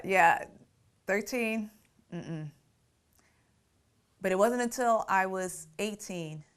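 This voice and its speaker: A woman's voice: lowish voice, clear, resonant tone. A middle-aged woman telling her family story in an interview, reflective and often laughing through painful memories. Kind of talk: personal storytelling.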